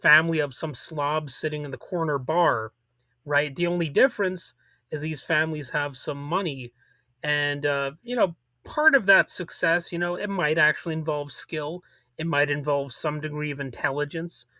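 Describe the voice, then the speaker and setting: A man's voice: fairly high pitch, normal speed, bright, forceful tone, no echo. A man giving casual, sarcastic political commentary on his own show, rambling with many fillers and restarts.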